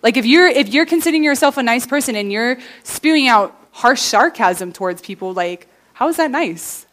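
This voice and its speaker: A woman's voice: on the high side, expressive, normal speed, a bit bright. A young woman giving a casual, earnest youth sermon, full of fillers like "like" and "you know", ending in prayer. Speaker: youth speaker.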